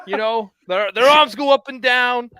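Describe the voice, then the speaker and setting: A man voicing a brash middle-aged toy company boss giving a sales pitch in a put-on New York-style accent. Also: normal speed, pushed and bright, smooth, dry recording. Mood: salesy.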